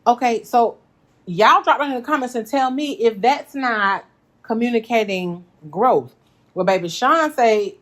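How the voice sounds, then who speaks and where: Woman doing a chatty recap for her viewers, animated, laughs a lot, keeps saying y'all. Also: fairly high pitch, measured pace. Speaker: reality TV recap host. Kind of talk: casual reaction commentary.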